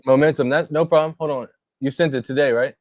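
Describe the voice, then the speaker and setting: A man's voice: medium pitch, fairly even intonation, quick pace, no room sound. Easygoing dj guy calling up the next track, normal voice, dry. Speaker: DJ playing the tracks. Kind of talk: casual track introduction.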